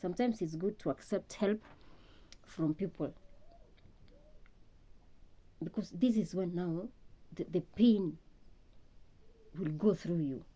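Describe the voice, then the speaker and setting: A woman speaks in an earnest, reflective way, the kind of talk meant to help listeners heal. Her voice sits a little low and sounds deeply dark and mellow. She often stalls on a word and repeats it before carrying on. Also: measured pace, long pauses. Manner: earnest, repeats words often while searching for them. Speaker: speaker on healing from loss.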